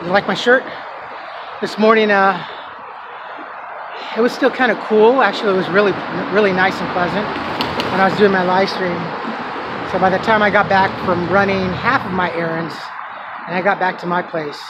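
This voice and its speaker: A man's voice: high voice, fairly even intonation, moderate pace, pauses often, heavy background noise. A man talking emotionally in a casual personal vlog, rambling and restarting his sentences. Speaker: vlogger.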